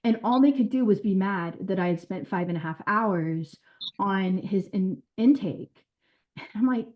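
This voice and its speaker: Woman, former caseworker, earnest storytelling, mid-pitched voice, dull lo-fi sound. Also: a little slow. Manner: earnest, animated storytelling with quoted dialogue. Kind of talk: recounting stories in an interview.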